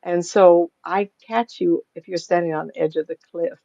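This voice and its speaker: A woman's voice: lowish voice, fairly even intonation, normal speed, vocal fry, warm tone, no room sound, highs cut off. An older woman, a psychic medium, chatting casually in an interview, rambling through stories and laughing often.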